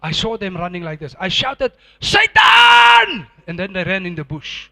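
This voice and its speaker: A middle-aged man, preaching a sermon and telling a dramatic testimony, acting out scenes with sudden loud outbursts. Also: sits high, fairly quick, no room sound.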